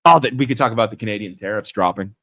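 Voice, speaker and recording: A man's voice: fairly low pitch, sharp tone, dry recording. A man co-hosting a live local talk show in a studio, joking and casually trading lines. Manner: quick, jokey, trails off and restarts. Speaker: co-host. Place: podcast studio.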